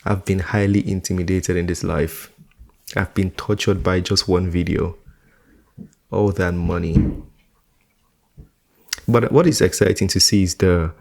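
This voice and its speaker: Deep gravelly man reacting and joking. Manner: joking, animated, laughs often. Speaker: reaction video host. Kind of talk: casual reaction commentary.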